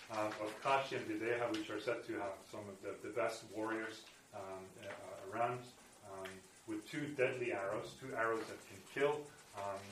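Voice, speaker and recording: A man lectures to a class, reading passages aloud and then working through them with frequent pauses and fillers. His voice sits a little low. The recording is roomy and picked up from across the room, with faint ambience behind him. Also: a bit bright, slight background noise. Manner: hesitant, many fillers and restarts while explaining. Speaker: teacher. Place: room with students present. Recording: echoey room, voice far from mic, faint ambience.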